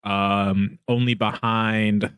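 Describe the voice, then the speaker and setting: A man with a slightly low voice hosts a casual podcast, ribbing his guests with jokes. His voice is close and dry, with no room sound around it. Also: level tone, drawn-out words, fairly bright tone, clean tone, no room sound. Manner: joking, teasing banter. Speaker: podcast host.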